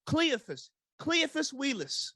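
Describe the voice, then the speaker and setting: High, lively man role-playing a folksy player. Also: takes it slowly, no room sound, clean studio sound. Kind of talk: in-character role-play at a game table.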